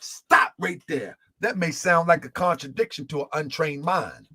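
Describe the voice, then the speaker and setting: A man giving a religious teaching, retelling a story in an animated way with many fillers. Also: fairly high pitch, normal speed, few pauses, breathy edge.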